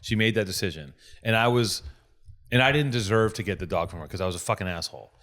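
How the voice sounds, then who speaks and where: Fast-talking profane male podcast host. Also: lowish voice. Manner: profane, animated storytelling with acted-out quotes. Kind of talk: casual podcast chat.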